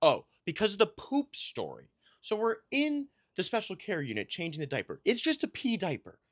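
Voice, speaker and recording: A man's voice: high voice, huge pitch swings, moderate pace, a bit bright, no room sound, studio quality. A man chatting casually about his week as a new father, telling rambling, self-deprecating stories. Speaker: podcast host and new father. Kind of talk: casual chat.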